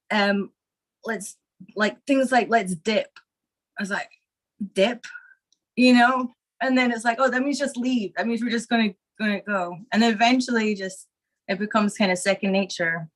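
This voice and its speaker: Rambling Scottish woman, stoned chat. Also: mid-range voice. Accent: Scottish, partly Americanized. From Scotland. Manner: rambling, relaxed, filler-heavy.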